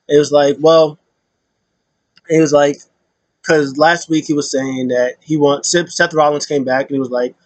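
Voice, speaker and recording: A man's voice: a little high, steady tone, moderate pace, dry recording. A man casually recapping wrestling, rambling with many fillers and acting out quotes in put-on voices.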